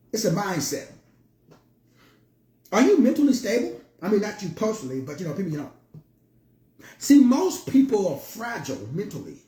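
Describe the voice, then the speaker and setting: A man delivers a motivational monologue with a preachy yet playful manner, dropping slangy asides. His voice sits high and swoops widely, with a warm, mellow color. The room around him adds a noticeable echo. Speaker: motivational speaker.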